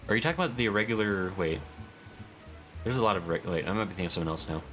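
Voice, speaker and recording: Bright-voiced male game streamer. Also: low-pitched, rapid-fire, soft background music. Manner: chatty, reads chat aloud. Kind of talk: casual stream chat.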